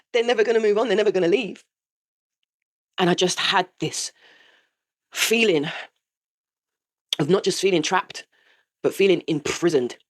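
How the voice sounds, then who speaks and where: A woman's voice: medium pitch, measured pace, pauses often. A woman in her forties, host of her own show, telling a raw, sweary confession and laughing through the pain. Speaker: podcast host. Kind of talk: candid confessional monologue.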